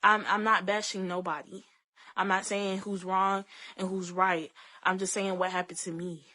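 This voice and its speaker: Young woman vlogging her side of it, stops and restarts a lot, bright tone. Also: mid-range voice, little pitch movement. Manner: halting, many fillers and restarts, speaks to viewers directly. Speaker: vlogger telling her story. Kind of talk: emotional personal storytelling to camera.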